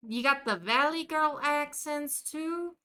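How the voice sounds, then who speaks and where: A woman's voice: high voice, slow pace, pushed and bright. A woman streamer chatting casually while gaming, teasing the characters in a put-on Jersey accent. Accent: put-on New Jersey. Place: indoor room at home.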